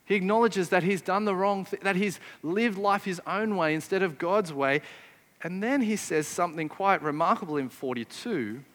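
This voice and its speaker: A man's voice: high-pitched, moderate pace, fairly bright tone, big-room sound. A man preaching a sermon, emphatic and often putting rhetorical questions to his listeners. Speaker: pastor.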